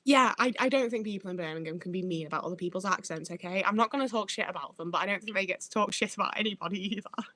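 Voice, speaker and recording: A young woman from Stoke-on-Trent, England, with a northern English accent, chats casually while reading her livestream chat, laughing a lot and swearing freely. Her medium-pitched voice races along with hardly any pauses, sounding pushed and bright in a dry recording.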